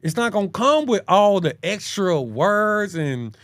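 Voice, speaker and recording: A man co-hosting a casual chat, talking in slang, calling his listener bro, and jumping up in pitch to press his points. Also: unhurried, dry recording. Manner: animated, swings his pitch high when making a point. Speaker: podcast co-host.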